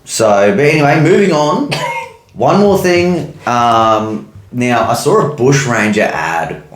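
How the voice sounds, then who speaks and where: A man's voice: medium pitch, lively intonation, takes it slowly, roomy sound. A man with an Australian accent co-hosting a casual podcast, telling long rambling stories with plenty of swearing. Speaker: podcast co-host.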